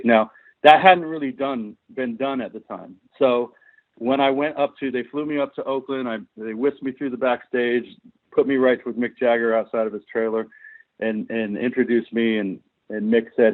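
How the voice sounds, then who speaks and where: A man's voice: medium pitch, steady tone, normal speed, dry recording. A man as a filmmaker guest in an interview, telling long, passionate stories about his work. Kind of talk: interview storytelling. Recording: tinny dry phone-like line.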